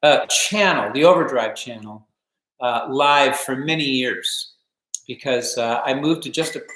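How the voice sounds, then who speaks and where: An older man hosting a home live stream, telling stories and answering viewer questions in a relaxed, rambling way full of fillers. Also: mid-range voice, unhurried, reverberant, low-quality recording. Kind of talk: casual storytelling and viewer Q&A.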